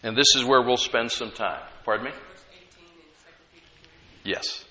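A man's voice: mid-range voice, measured pace, sharp tone. A man preaching a sermon, emphatic, repeating key phrases and leading the congregation in call-and-response.

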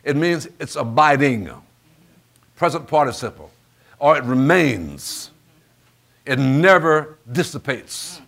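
Animated preacher man, lively pitch. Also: slow pace, creaky, pauses often. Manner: animated call-and-response preaching, asks for amens. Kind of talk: sermon.

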